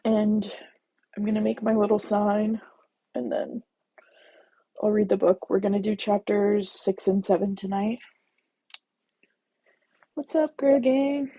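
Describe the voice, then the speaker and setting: A woman's voice: medium pitch, monotone, a little slow, creaky, pauses often, mellow, breathy edge, no echo, low-quality recording. A woman hosting a book-reading livestream, chatting casually and bubbly with viewers, full of jokey asides. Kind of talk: casual live chat with viewers.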